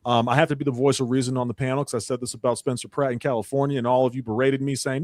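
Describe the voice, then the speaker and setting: A man talks fast and emphatically in an opinionated panel chat, recorded close on a dry mic. His pitch sits mid-range, and he lifts into mocking voices when he quotes others. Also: little pitch movement, a little mellow, no room sound. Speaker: panelist on a ministry talk show.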